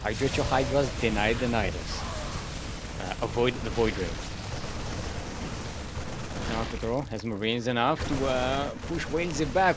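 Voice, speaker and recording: A man's voice: mid-range voice, moderate pace, pauses often, noisy background. A man casting a live esports match as play-by-play commentator, playful and giggly, joking between calls. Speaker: esports caster.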